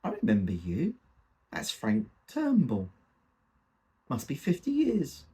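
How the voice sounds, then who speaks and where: A woman's voice: a bass voice, huge pitch swings, slow, warm tone, slightly rough, voice pushed up, heavily acted. A man reading aloud, voicing a chatty, forgetful elderly mother with fussy, prim remarks. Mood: fond.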